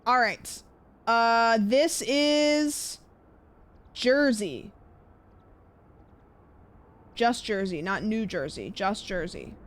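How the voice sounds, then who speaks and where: A woman's voice: on the high side, very slow, long pauses. Rambling young woman streamer. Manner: rambling, filler-heavy, trailing off quietly. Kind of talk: casual chat while gaming.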